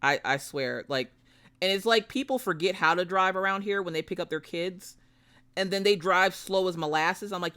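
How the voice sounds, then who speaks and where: A woman streamer in casual live chat with her viewers, a brash, profane, jokey storyteller who breaks into loud mock rants. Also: fairly low pitch, normal speed. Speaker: streamer chatting with viewers while painting.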